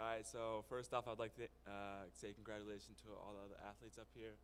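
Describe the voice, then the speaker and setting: A man's voice: on the low side, little pitch movement, quick pace, very noisy. A teenage boy, a student athlete, steadily listing his thanks to coaches and family. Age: teens. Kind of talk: thank-you speech.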